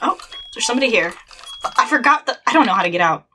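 A woman's voice: a little high, lively intonation, quick pace, sharp tone, slight background noise. A young woman chatting playfully through a horror game, with exasperated asides. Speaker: gaming channel host. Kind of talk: let's play commentary. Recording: faint game music behind.

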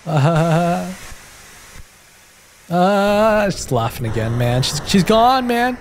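A gaming YouTuber giving excitable let's play commentary, swearing and stammering as he reacts to the game. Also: mid-range voice, slow, a little hiss or hum.

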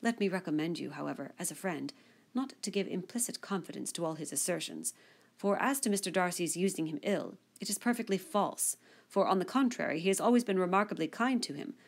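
Haughty sneering society lady, condescending, low and gravelly, read by a woman for an audiobook. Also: a little mellow. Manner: civil disdain, condescending. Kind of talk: audiobook character reading.

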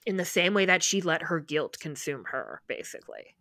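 A woman's voice: sits low, big pitch swings, moderate pace, pushed and bright, no room sound. A woman co-hosting a podcast, casually retelling scenes from a book and acting out the characters' lines. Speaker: podcast co-host.

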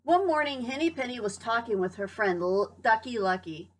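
Woman teacher, storybook read-aloud, expressive and fairly high. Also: normal speed. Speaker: preschool teacher. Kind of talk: reading a picture book aloud.

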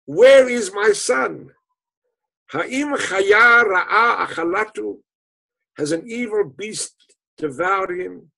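A man voicing a grieving old father who cries out in anguish over a lost son, with a husky voice and a slow, drawn-out lament. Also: sits high, expressive, sharp tone, voice pushed up, exaggerated voice, poor audio.

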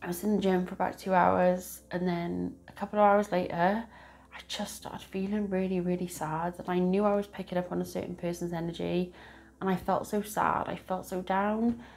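Chatty low-voiced woman. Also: fairly even intonation, normal speed, gravelly, a little mellow. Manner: chatty, rambling, laughs often. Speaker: tarot reader. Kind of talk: casual tarot reading to camera.

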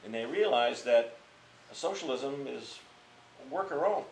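Man, older, blunt and profane, animated storyteller, echoey room, faint noise. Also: mid-range voice, measured pace. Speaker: interviewee, Mime Troupe actor. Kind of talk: casual storytelling interview.

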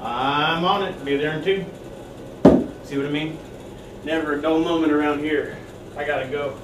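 Swaggering spoof cop, played by a man, a bit high-voiced, boastful, echoey noisy room. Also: steady tone, moderate pace, lightly acted. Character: cocky macho male cop in a spoof. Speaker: actor in a comedy skit. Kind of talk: mock documentary comedy acting.

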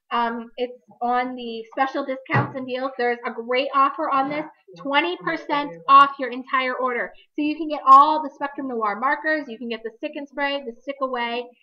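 A woman's voice: high voice, normal speed, dull audio. A woman hosting a live crafting demonstration, chatty and upbeat, correcting herself as she goes, her voice a little worn. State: slightly losing her voice. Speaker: crafting demo host.

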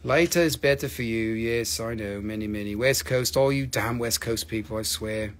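A man's voice: fairly low pitch, fairly even intonation, normal speed. A man selling rocks on a live stream, teasing viewers by name, swearing casually and joking between prices. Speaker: live-stream crystal seller.

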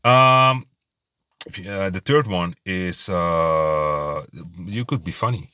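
Low-voiced man, blunt and rambling; casual advice monologue with a dry, close sound. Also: takes it slowly, sharp tone, clean tone, no echo. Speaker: dating advice vlogger.

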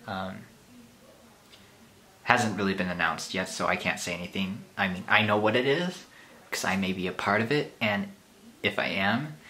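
Low gravelly guy rambling nervously on his vlog, kinda bright edge. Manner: nervous, hesitant, many fillers and self-deprecating laughs. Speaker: channel host. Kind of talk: casual vlog talk.

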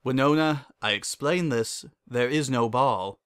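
A man's voice: mid-range voice, measured pace, a bit bright, smooth, dry recording, studio quality, lightly acted. A man voicing a stern, proper male pet owl who talks in a prim, scolding way.

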